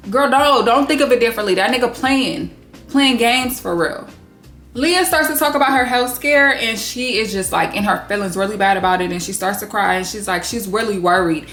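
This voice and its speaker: A woman's voice: medium pitch, a little fast. Woman doing a reality tv recap, swears a lot, echoey room with faint music under it. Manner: blunt, swears freely, animated asides. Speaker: recap vlogger.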